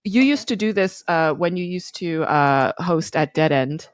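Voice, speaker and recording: A woman's voice: on the low side, lively intonation, a little slow, a crowd in the background. A woman hosting a podcast in casual interview chat, chatty and talking through ideas with restarts. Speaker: podcast host.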